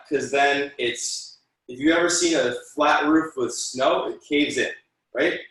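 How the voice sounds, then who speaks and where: A man coaching a martial arts class online, calling out counts and giving encouraging corrections. His mid-pitched voice rings through a very echoey room. He speaks from some distance off the mic. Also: a bit bright. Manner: encouraging, counts out moves and corrects students by name. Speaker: taekwondo instructor. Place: room, teaching students over video call.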